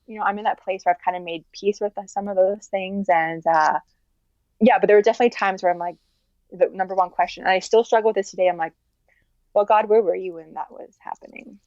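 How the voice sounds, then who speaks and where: An earnest woman telling her story in an interview, her voice sitting at an ordinary middle pitch as she circles back and restarts her sentences. The sound is dry and a little dull. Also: steady tone, a little mellow, no echo. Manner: earnest, talks in halting restarts with many likes. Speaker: interview guest. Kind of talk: candid personal interview.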